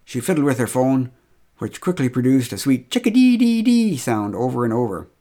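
A man's voice: medium pitch, sing-song, normal speed, dark tone. A middle-aged man telling a humorous first-person story with wry, dry humor.

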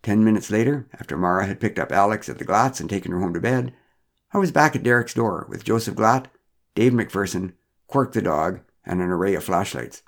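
A man's voice: lowish voice, animated, brisk, vocal fry. A man telling a first-person story in a dry, understated, wry way.

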